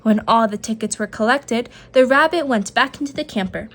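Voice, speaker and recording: A woman's voice: on the high side, brisk, background noise. Woman reading a picture book to children. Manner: gentle, expressive read-aloud narration. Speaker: storyteller.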